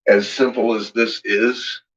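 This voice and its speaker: A man's voice: lowish voice, little pitch movement, slightly rough. A man ranting and swearing in frustration on a casual livestream, talking to his viewers. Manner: frustrated, swearing, slow rambling talk. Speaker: livestream host. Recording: dull lo-fi sound with faint noise.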